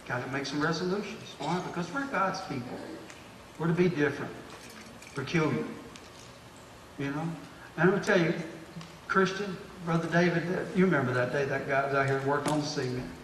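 A man, a pastor preaching a sermon to his church group, exhorting and repeating phrases as he builds to loud, emphatic bursts. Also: a little high, brisk, long pauses, noisy background. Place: church hall. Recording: echoey hall, distant mic.

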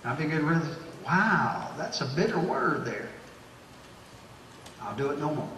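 A man, a pastor preaching a sermon to his church group, exhorting and repeating phrases as he builds to loud, emphatic bursts. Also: on the high side, sing-song, unhurried, slight background noise. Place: church hall. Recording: echoey hall, distant mic.

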